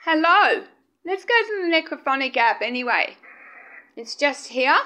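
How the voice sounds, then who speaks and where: A woman investigating paranormal activity, talking softly to spirits in a hushed, breathless way. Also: sits high, very animated, moderate pace. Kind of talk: ghost-hunting vlog narration.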